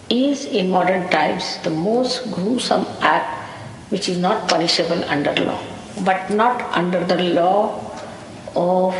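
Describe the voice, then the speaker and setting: Lady giving a spiritual talk, wry and chatty, old hall tape with lots of echo. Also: on the low side. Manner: anecdotal, wry, with small laughs. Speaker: spiritual teacher. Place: lecture hall in London. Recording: echoey hall, faint hiss, 1985 archive tape.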